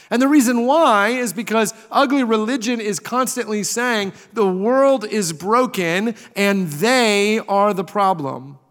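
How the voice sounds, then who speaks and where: A man's voice: sits high, fairly bright tone. A man preaching a sermon as pastor, emphatic and repetitive in his rhetoric. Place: church sanctuary. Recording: reverberant hall.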